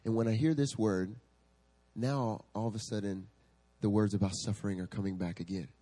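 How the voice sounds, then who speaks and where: A male pastor preaching a sermon at a church service, telling stories in an animated way and laughing often. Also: on the low side, normal speed.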